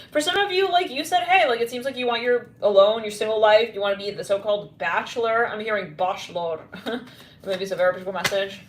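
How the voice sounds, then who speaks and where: A woman's voice: mid-range voice, roomy sound, background noise. A woman giving a casual tarot reading, rambling and blunt with lots of fillers. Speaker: tarot reader.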